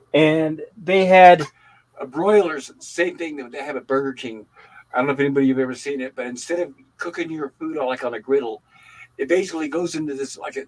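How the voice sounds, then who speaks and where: An older man hosting a livestream, chatting casually and telling animated stories. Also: medium pitch, low-quality recording. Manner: animated storytelling. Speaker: livestream host. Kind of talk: casual chat.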